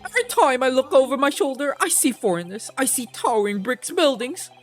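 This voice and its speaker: A theatrical, excitable man, voiced by a woman reading a game aloud, gushes in high, soaring alliterative bursts that leap all over the scale. Faint music plays underneath. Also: fairly quick. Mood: brooding, grandiose. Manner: gushing, alliterative outbursts. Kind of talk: reading a visual novel aloud.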